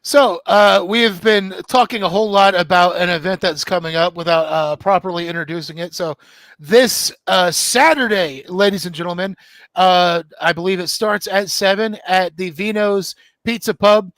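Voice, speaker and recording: A man co-hosting a casual podcast chat, speaking in a hesitant, halting way full of fillers. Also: high voice, a bit bright, no room sound. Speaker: co-host.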